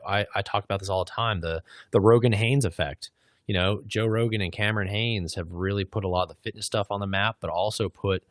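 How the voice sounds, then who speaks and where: A man's voice: on the low side, no room sound, clean studio sound. A man speaking as a podcast guest in casual conversation, blunt and driven, with frequent restarts. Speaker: podcast guest, media business owner.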